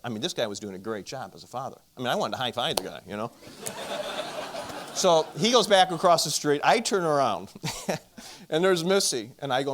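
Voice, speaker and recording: A man speaking at a marriage conference, telling a self-deprecating story and addressing the audience with direct questions, his volume swinging from loud to hushed. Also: medium pitch, lively intonation, fairly quick. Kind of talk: storytelling Christian talk.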